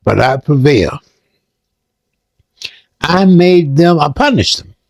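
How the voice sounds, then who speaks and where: An older man telling stories in an interview, lively and acting out sounds and voices. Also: fairly high pitch, takes it slowly, creaky, no room sound. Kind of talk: animated storytelling.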